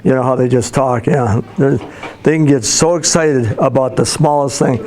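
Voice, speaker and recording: A school counselor in his sixties gives a motivational talk to students as a classroom guest speaker, telling folksy stories with fillers and restarts. His voice is medium-pitched and darkish at a normal speed, with a little hiss or hum.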